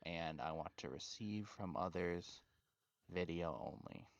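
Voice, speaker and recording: A man's voice: low-pitched, measured pace, no echo, muffled recording. A man co-hosting a live stream, giving dry, matter-of-fact asides and instructions. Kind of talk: casual live-stream chat.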